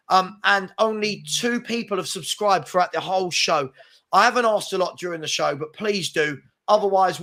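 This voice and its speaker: A man's voice: high voice, fairly bright tone. A man hosting a live football chat, ranting insistently. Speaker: host.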